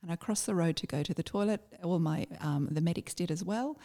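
Low gravelly Australian woman. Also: warm tone. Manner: reflective, halting with frequent fillers. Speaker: guest, former army officer. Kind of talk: personal storytelling.

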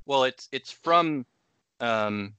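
A man's voice: mid-range voice, animated, extremely slow, sharp tone, clean tone, dry recording, lo-fi sound. A man co-hosting a casual podcast chat, rambling, trailing off and laughing often. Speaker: podcast co-host.

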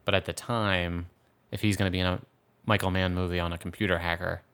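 Deep-voiced guy on a movie podcast, bright tone, animated, does little quote voices. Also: quick pace, clean tone. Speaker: podcast co-host. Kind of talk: casual movie chat.

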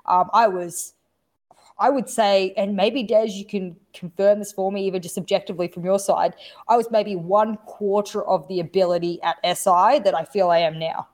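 Woman, esports broadcaster, casual storyteller. Animated, acts out every quote, swears a lot. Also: mid-range voice, moderate pace.

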